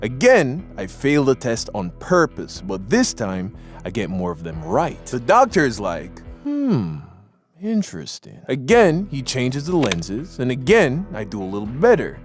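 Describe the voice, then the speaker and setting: A man's voice: medium pitch, big pitch swings, measured pace, hardly any pauses, faint music behind. A man casually telling a story from his own life in slangy talk, acting out the people in it. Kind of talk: animated storytime narration.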